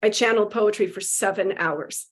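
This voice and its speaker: A woman guest telling a spiritual story with animated emotion, acting out quotes and laughing. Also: medium pitch, moderate pace.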